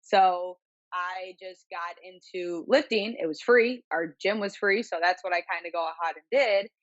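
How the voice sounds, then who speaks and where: A young woman in her twenties with a Chicago-area accent talks through her story as a podcast guest. Her voice sits fairly low, and she fills it with ums and "you know". The recording is dry and slightly dull. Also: a little slow, no echo. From Illinois, near Chicago. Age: 20s. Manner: chatty storytelling with many fillers. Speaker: interview guest, bodybuilder. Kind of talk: casual interview chat.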